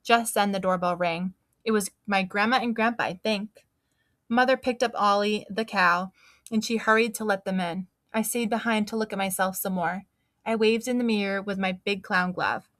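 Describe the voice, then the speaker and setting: A woman reading a children's book aloud in an expressive, animated storytelling manner. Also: medium pitch, normal speed, no echo, clean studio sound.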